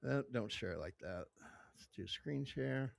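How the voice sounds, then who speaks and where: Guy cussing his way through reaction clips, lively voice, dry close sound. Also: mid-range voice, normal speed, vocal fry, no echo. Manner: crude, profane, blunt. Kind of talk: casual reaction stream commentary.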